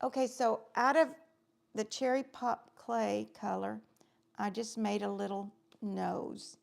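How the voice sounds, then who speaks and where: A woman's voice: mid-range voice, steady tone, takes it slowly, creaky. A middle-aged woman, chatting through a craft demonstration livestream and greeting viewers by name.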